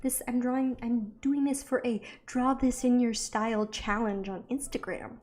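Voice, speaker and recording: A young woman chatting casually as she draws for a video, self-deprecating and quick to laugh. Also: a little high, fairly even intonation, darkish tone. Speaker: art vlogger. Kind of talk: casual chat while drawing.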